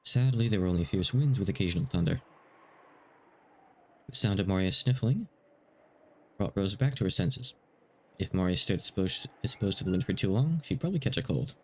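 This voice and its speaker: A man's voice: low voice, lively intonation, a little fast, gravelly. A male streamer reading a visual novel aloud, with casual asides between the narration.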